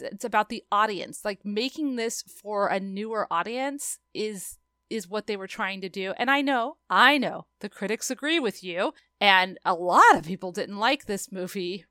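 Bright, crisp-voiced woman podcast co-host. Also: no echo. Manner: effusive, quick shifts in pitch, acts out quotes. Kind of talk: casual movie review chat.

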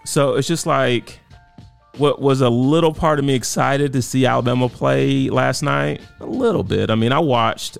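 A man co-hosting a podcast in casual chat, emphatic and quick to laugh. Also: mid-range voice, creaky. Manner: animated, emphatic, laughs often. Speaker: podcast co-host.

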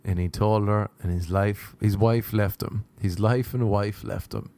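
Young male comic, low mellow voice, loose sweary rambling delivery. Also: fairly even intonation, measured pace. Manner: sweary, laughing, rambling storyteller. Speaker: stand-up comedian. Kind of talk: casual rambling monologue.

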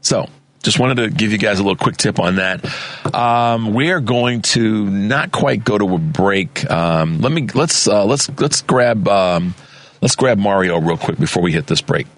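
Low-voiced male talk radio host. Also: expressive, unhurried, no echo. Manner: friendly, conversational, addresses listeners as guys.

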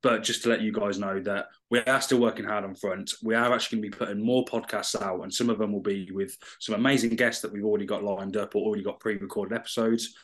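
A man co-hosts a podcast and gives a loose, upbeat intro, plugging the channel. His voice is fairly low and relaxed. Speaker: podcast co-host.

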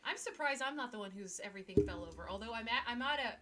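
A woman's voice: a little high, quick pace, heavy background noise. A woman co-hosting a casual podcast chat, giggly and rambling, often restarting her sentences. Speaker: podcast co-host.

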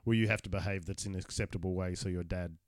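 A man's voice: deep voice, fairly even intonation, fast, no room sound, studio quality. A man co-hosting a casual film podcast, laid-back and trailing off. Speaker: podcast co-host.

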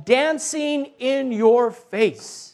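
A man voicing an elderly desert monk who speaks softly and solemnly in a spoken religious story. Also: extremely high pitch, drawn-out words, faint music behind, heavily acted.

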